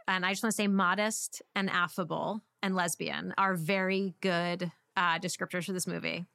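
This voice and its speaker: A woman's voice: on the low side, fairly even intonation, normal speed, creaky, hardly any pauses, pushed and bright, clean tone, no room sound, studio quality. A woman in casual conversation, reviewing a film with lots of "like" fillers. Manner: chatty, frequent "like" fillers. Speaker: podcast co-host.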